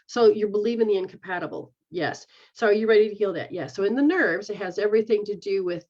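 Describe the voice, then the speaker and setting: A woman's voice: mid-range voice, quick pace, hardly any pauses, darkish tone, muffled recording. A woman leading an energy healing session, voicing her clients' feelings in first person and giving step-by-step hand-position instructions. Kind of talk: guided healing session, casual.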